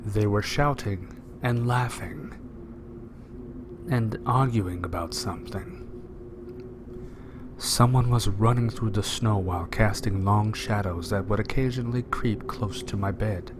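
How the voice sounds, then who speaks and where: A man's voice: on the low side, a little slow, background noise. A young man playing a story game, reading its text aloud with playful jokey asides. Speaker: gamer. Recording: loud game music behind.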